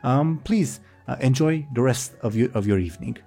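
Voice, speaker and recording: A man's voice: mid-range voice, animated, normal speed, gravelly, warm tone, slightly rough, soft background music, pitched above the performer's own voice. Man playing a flustered, overly polite waiter. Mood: flustered politeness. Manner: apologetic, overly courteous, stammering.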